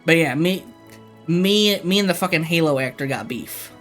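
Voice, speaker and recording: A man's voice: on the high side, animated, moderate pace, fairly bright tone, faint music behind. A man livestreaming, ranting casually and profanely to his chat.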